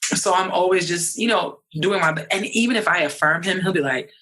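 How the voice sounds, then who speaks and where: A woman's voice: fairly low pitch, a little fast, a crowd in the background, poor audio. A young woman from New York, a guest in a casual interview, talking animatedly and acting out quoted voices. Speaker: podcast guest.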